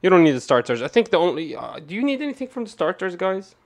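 Excitable rambling man opening card boxes. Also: sits high, fast talker. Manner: rambling, excitable, swears, jumps from calm to loud rants. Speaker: card game streamer. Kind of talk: casual pack-opening commentary to chat.

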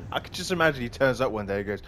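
A man's voice: mid-range voice, a bit bright, a little hiss or hum. Sweary, rambling male gamer. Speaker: gaming streamer. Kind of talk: casual let's-play commentary.

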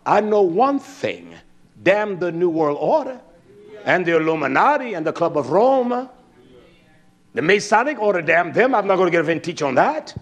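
Fiery high-voiced man preaching. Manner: fiery, cursing, swings from shouts to hushed asides. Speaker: religious teacher. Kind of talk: impassioned preaching.

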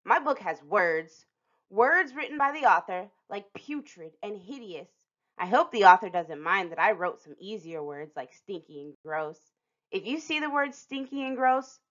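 A woman reading a picture book aloud to children as a storytime host, expressive and lingering on some phrases with dramatic pauses. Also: mid-range voice. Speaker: storytime reader. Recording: dull lo-fi recording.

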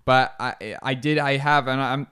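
Smooth-voiced man hosting a podcast. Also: medium pitch, unhurried. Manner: relaxed, reflective, with frequent restarts. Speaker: podcast host. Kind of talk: casual podcast interview.

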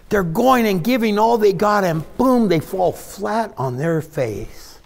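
A male pastor, preaching a sermon in an animated style that swings between loud and hushed. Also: high-pitched, moderate pace, creaky, few pauses.

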